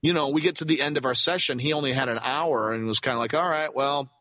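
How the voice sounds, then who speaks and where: A man who works as a voice actor, telling a rambling, animated story as a guest in a casual interview. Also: medium pitch, fast talker, dry recording, lo-fi sound.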